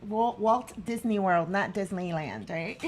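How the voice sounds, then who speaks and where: A woman's voice: medium pitch, unhurried. A woman in a casual group chat, telling stories expressively. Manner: expressive storyteller, acts out quotes.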